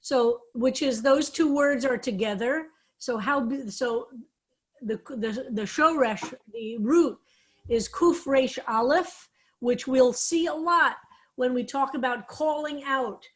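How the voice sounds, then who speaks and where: A woman's voice: high-pitched, takes it slowly, breathy edge. A woman rabbi leading an online psalm study, explaining Hebrew words and roots on a video call. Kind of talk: online Bible study class.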